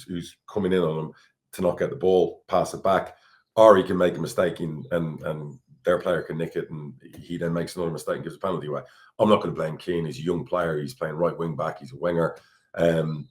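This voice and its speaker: A man's voice: low voice, darkish tone. A middle-aged Irish man, a football club chairman, talking candidly on a podcast, blunt and swearing freely. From Ireland. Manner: blunt, swears freely, repeats words when worked up.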